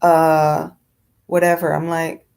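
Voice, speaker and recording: A woman with a slightly low voice rants on her vlog in a blunt, unfiltered way. She swears freely and rambles with lots of fillers and restarts. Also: level tone, slow, creaky, darkish tone. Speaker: vlogger. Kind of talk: casual vlog rant.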